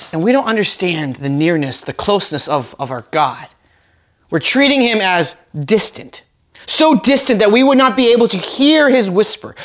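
A man's voice: very high-pitched, fairly bright tone. Conversational pastor man, dropping to whispers. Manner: conversational, repeats words, drops to whispers for emphasis. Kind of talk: sermon.

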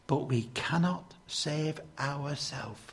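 An older man preaching a sermon, emphatic, swinging between loud declarations and hushed lines. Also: fairly high pitch, slow.

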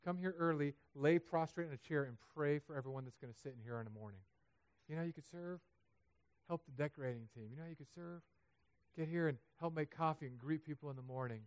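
Animated, joking male pastor. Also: a little high, fast talker. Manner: animated and humorous, building to loud emphatic peaks. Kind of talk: sermon. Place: church sanctuary.

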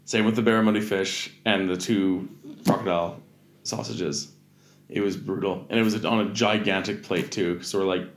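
Lower-voiced Canadian man telling stories. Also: fairly even intonation, normal speed, a little hiss or hum. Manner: rambling, self-correcting, swears freely. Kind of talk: casual storytelling chat.

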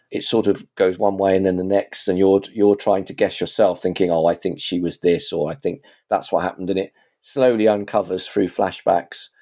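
A man's voice: on the low side, dark tone. A man in casual chat, reviewing TV series in a rambling, chatty way with frequent restarts.

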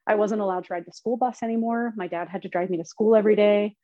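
A woman telling personal stories in casual chat, animated and swearing freely, laughing as she goes. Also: mid-range voice, fast talker, muffled recording. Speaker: podcast guest. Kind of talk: casual storytelling.

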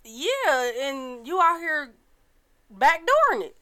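A woman's voice: sits high, very animated, slow pace, pushed and bright. A woman podcast co-host, chatting bluntly and casually. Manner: blunt, disgusted, laughing. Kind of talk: casual chat.

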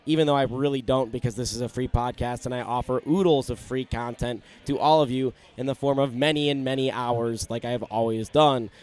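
A man's voice: mid-range voice, darkish tone, smooth. A man hosting a solo sports podcast, talking candidly and giving his opinions in a conversational way. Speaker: podcast host.

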